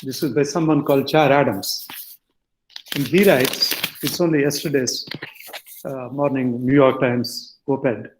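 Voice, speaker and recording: An older man from India with an Indian English accent, giving a lecture-style talk with halting phrasing, many fillers and self-corrections. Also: medium pitch, fairly even intonation, slight background noise, low-quality recording. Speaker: guest speaker.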